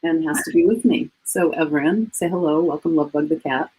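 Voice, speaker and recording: A woman in her fifties, a guest coach, chatting casually at home over a video call and telling animated stories. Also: deep voice, brisk, slightly rough. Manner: animated, acts out quoted voices. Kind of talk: casual storytelling chat.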